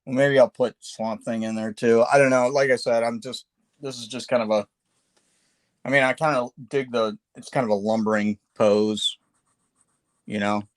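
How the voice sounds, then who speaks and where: A man's voice: mid-range voice, steady tone, moderate pace, no echo. A man hosting a live painting stream, chatting casually while he sketches, with lots of fillers and self-deprecating asides.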